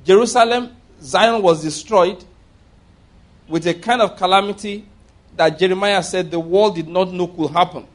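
A man's voice: high voice, moderate pace. A man preaching a sermon, reading scripture aloud and stressing words for emphasis, with occasional restarts.

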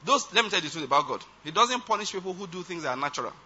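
A man's voice: high-pitched, sing-song, rapid-fire, pushed and bright, slight background noise. A man preaching a sermon, emphatic and often checking that his listeners follow. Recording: dull lo-fi recording.

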